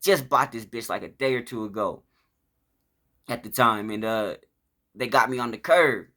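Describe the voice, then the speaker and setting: Bright-voiced man telling a rough story. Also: mid-range voice, normal speed. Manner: profane, rambling, acts out shouts and quotes. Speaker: vlogger telling his life story. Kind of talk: casual storytelling monologue.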